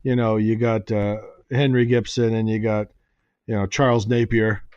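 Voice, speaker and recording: A man with a somewhat low voice joking around in a casual podcast chat. His sound is a bit dull and muffled, in a dry room with no reverb. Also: level tone, moderate pace, darkish tone, clear, resonant tone. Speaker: podcast co-host.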